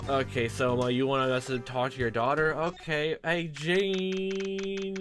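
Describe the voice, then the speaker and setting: A man giving casual, thinking-aloud commentary while playing a game. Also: medium pitch. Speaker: let's play host.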